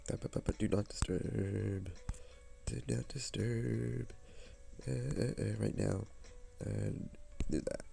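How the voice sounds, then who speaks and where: A man's voice: lowish voice, fairly even intonation, a little slow, creaky, warm tone. A man live-streaming from his phone, rambling and muttering to himself as he fiddles with settings.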